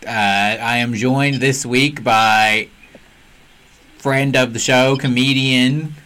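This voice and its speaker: A young man hosting a podcast, chatty and quick to jump in with casual conversation. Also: mid-range voice, fairly even intonation, sharp tone. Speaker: podcast host.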